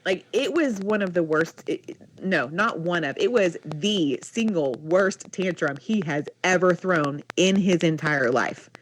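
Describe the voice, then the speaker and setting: A woman's voice: fairly low pitch, measured pace, few pauses, a little hiss or hum, rough recording. A young woman co-hosting a podcast, animatedly telling a story in casual chat and saying "like" a lot. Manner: animated storytelling, heavy use of "like". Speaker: podcast co-host.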